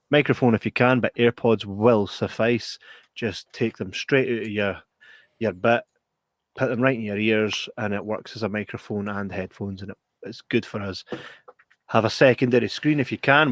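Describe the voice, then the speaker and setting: A man's voice: lowish voice, no echo, clean studio sound. A Scottish man co-hosting a casual podcast. He talks to viewers in a chatty, sweary way and explains plans for the next show. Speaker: podcast co-host.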